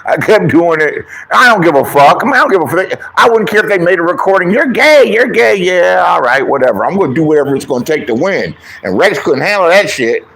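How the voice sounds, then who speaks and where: A man's voice: on the high side, animated, fast talker, creaky, fairly bright tone. Profane boastful man telling wild stories. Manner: crude, boastful, acts out others' lines in mocking voices. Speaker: online commentator, self-styled comedian and troll. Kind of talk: profane storytelling rant.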